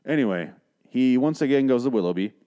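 A man's voice: mid-range voice, expressive, brisk, dark tone. A man casually recapping a TV episode, profane, ranting and sarcastic. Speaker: episode reviewer.

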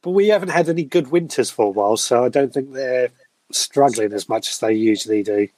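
A man's voice: medium pitch, expressive, fairly quick, a little mellow, no echo. A middle-aged British man chatting casually as co-host, easygoing and a little hesitant. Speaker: co-host and guest. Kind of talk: casual chat. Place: home room with grow lights. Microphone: webcam or phone mic.

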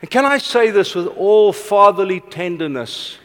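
A middle-aged man preaching a passionate sermon, rushing ahead and then slowing for emphasis. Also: high-pitched, lively intonation, fairly bright tone. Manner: passionate, fast-paced with sudden slow emphatic drops. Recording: long reverb of a large hall.

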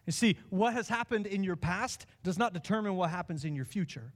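A man preaching a sermon as pastor, impassioned, swinging from hushed lines to pleading ones. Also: sits high, expressive, fairly quick.

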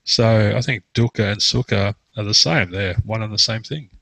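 A man with a bright, forward voice tells a meandering story in casual conversation, stopping and restarting as he goes. The sound is close and dry, with almost no room echo. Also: fairly low pitch, moderate pace, vocal fry. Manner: rambling storytelling with frequent laughter and restarts. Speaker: therapist.

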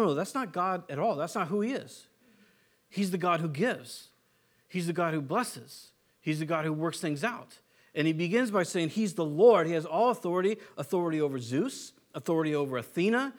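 Conversational man preaching a sermon. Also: on the high side. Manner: conversational, asks the listeners rhetorical questions. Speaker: pastor.

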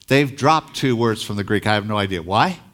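A man preaching a Sunday sermon in a fairly low voice. He reads scripture aloud and stops to explain it plainly. His force rises on the lines he wants to land. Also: expressive, fairly quick, a bit bright. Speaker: pastor.

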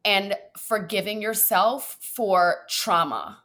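A woman coach talking in a podcast conversation, animated and expressive, acting out little quotes as she speaks. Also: medium pitch, slow pace. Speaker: guest coach.

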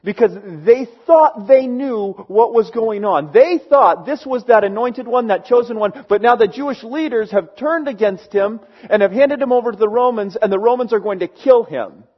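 A man with a fairly high voice preaches by telling a story, casual and animated, slipping into the voices of the people in it. The sound is slightly dull and muffled. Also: moderate pace, few pauses. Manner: animated, acting out characters, conversational. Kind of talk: storytelling sermon.

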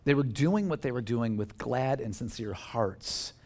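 Animated male pastor preaching. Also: mid-range voice, unhurried. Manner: conversational and animated, jokes with the congregation. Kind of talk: sermon.

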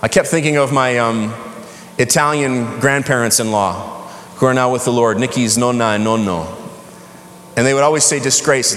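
A man preaching a sermon as a pastor, emphatic and building to shouted exhortation. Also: medium pitch, measured pace. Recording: echoey hall from afar.

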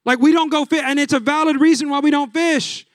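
High-voiced man preaching a sermon. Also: brisk, no room sound, clean studio sound. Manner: energetic, casual preaching with rhetorical questions. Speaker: pastor.

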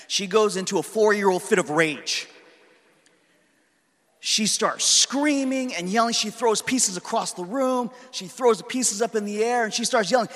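In a reverberant hall, a pastor in his thirties shares a story about his daughters during a sermon. His voice is high and a bit bright, and he speaks in an earnest, conversational way.

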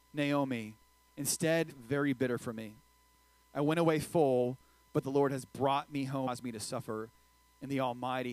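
A man preaching a sermon in a lively, joking way, swinging between loud and quiet. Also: medium pitch, no room sound, rough recording. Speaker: pastor.

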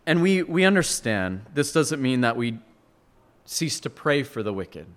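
A man preaches an earnest expository sermon. His voice sits at an ordinary pitch but climbs and swells when he presses a point. He often restarts phrases and repeats words as he works through the text. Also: very animated, a little slow. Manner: earnest expository preaching, rising to emphatic peaks.

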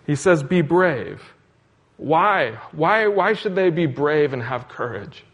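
A man's voice: on the high side, lively intonation, unhurried, highs cut off. A man preaching a sermon in an earnest, repetitive cadence, asking questions as he goes. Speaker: pastor.

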